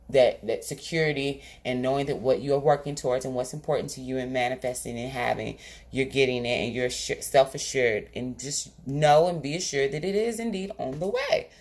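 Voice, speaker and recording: A woman doing a tarot reading straight to her viewers, in a casual, colloquial style. She is emphatic and often stops to check in with "okay?". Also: rumbling low. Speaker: tarot reader. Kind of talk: direct-to-camera tarot reading.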